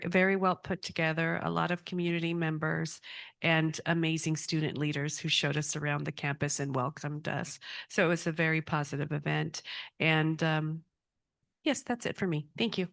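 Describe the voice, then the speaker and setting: A woman's voice: low-pitched, steady tone, moderate pace, vocal fry, a bit bright. A woman chairing a school board meeting, chatty and upbeat as she gives her report.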